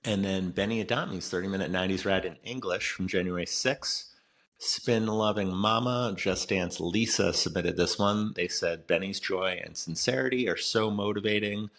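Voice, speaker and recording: A man's voice: deep voice, normal speed, fairly bright tone. A man co-hosting a podcast, chatting loosely and casually, often trailing off mid-sentence. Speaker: podcast co-host. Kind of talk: casual news chat.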